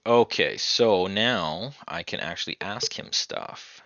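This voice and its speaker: Gravelly low-voiced gaming host. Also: male voice, slow pace, no room sound, dull audio. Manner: chatty, reads game text aloud, thinks out loud. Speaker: let's-play host. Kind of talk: casual gameplay commentary.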